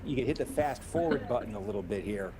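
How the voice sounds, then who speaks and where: Halting male election analyst, lively pitch. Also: a crowd in the background. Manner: measured, halting, thinking aloud over the numbers. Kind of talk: live election results commentary. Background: hosts chatting over the broadcast.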